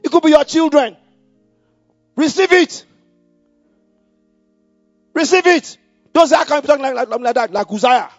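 A man with a strikingly high voice preaches a sermon, swinging from soft murmurs to loud, emphatic calls and repeating key phrases for the congregation. The sound is dry and dull, with faint music underneath. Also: moderate pace, pauses often, no echo.

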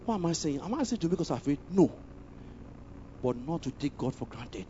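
A man's voice: on the high side, sing-song, brisk, slightly rough. A man preaching a sermon, emphatic, often asking the congregation whether they follow him. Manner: emphatic, asks the congregation questions, bursts into loud exclamations. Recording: slightly muffled recording with faint background noise.

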